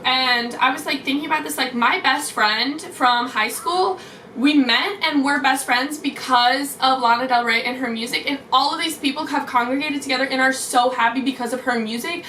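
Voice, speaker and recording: A woman's voice: high voice, sharp tone, a little hiss or hum. A young adult woman gushing through a casual storytime vlog, rambling with many fillers. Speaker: vlogger. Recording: roomy echo from far off.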